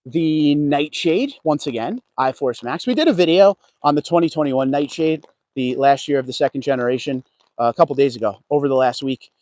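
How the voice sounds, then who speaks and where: A man's voice: a little high, a little mellow, no room sound. A man walking a dealership lot on a casual livestream, chatting with viewers and greeting them by name. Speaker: car vlogger. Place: outdoors at a car dealership lot.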